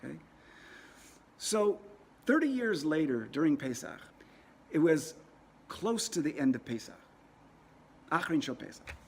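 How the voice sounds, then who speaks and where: A man's voice: on the high side, expressive, a little slow, long pauses, a little mellow, breathy edge. A man teaching a lesson in a casual, conversational way, often repeating words as he tells a story. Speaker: religious teacher.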